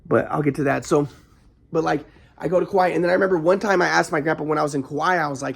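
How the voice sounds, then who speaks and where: A man talking in a casual monologue, rambling with frequent restarts and halting stops, at times flaring into anger. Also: a little high, creaky, slightly rough. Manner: flares into anger.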